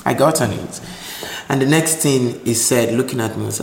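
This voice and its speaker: A man's voice: mid-range voice, normal speed, vocal fry. Man from Nigeria telling his story. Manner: animated storyteller, acting out voices in quotes. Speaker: interviewee. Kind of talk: personal storytelling in an interview. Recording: roomy echo with faint ambience.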